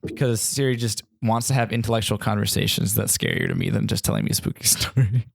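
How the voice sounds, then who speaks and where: A man's voice: fairly low pitch, huge pitch swings, fast, creaky. A man co-hosting a comedy podcast, making dry wisecracks in casual chat. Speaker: podcast co-host.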